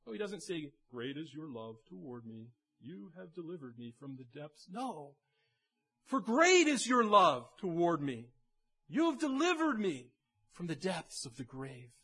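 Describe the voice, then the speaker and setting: Male pastor, sermon delivery, slightly raised pitch, husky edge, earnest and emphatic. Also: fairly bright tone. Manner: earnest, builds to emphatic peaks, repeats words.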